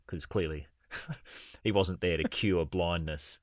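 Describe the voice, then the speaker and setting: A man's voice: deep voice, measured pace, dry recording. A man, co-hosting a podcast and telling stories in a dry, sardonic way. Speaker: podcast co-host. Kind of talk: casual comedy chat.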